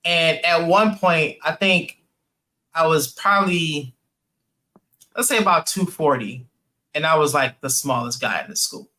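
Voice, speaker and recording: A young man, a podcast guest, telling animated casual stories full of "like" and "man" and acting out the voices of others. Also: a little high, unhurried, pauses often. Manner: animated, acts out quoted voices, laughs often; heavy use of "like" and "man". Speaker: podcast guest, jiu-jitsu purple belt. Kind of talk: casual storytelling.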